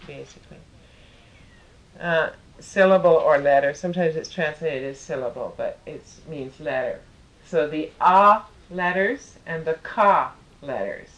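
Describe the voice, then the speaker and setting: A woman leading a guided mantra practice and explaining how to pronounce each syllable, patient and a little halting. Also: low-pitched, rough recording. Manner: chants syllables softly, fading to near silence, then explains in a patient, halting way. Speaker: meditation and mantra teacher.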